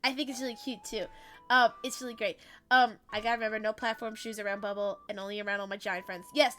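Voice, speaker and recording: A woman's voice: on the high side, bright, forceful tone. A woman VTuber streamer chatting casually while she plays, bubbly and playful, swearing freely as she greets her chat.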